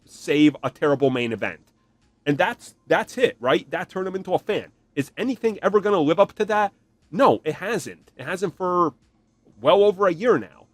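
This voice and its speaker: A man with a fairly high voice rants on his podcast, lively and opinionated, sometimes slipping into mocking put-on voices. The sound is dry and close, with no room around it. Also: no echo. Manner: animated, ranting, mocking voices in quotes. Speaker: podcast host. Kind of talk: opinionated solo commentary.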